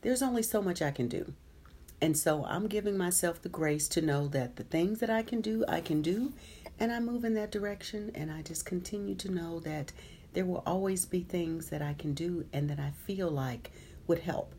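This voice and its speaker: A woman's voice: fairly low pitch, moderate pace, dark tone, a little hiss or hum. A woman hosting a live meditation stream, talking casually and reacting to viewers' comments with easy laughter.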